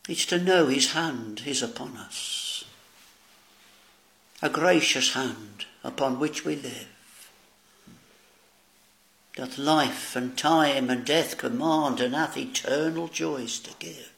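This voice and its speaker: Here the preacher's voice sits at medium pitch, fairly bright and touched with vocal fry. Slow and solemn, he calls his listeners "dear friends" and recites old-style scripture.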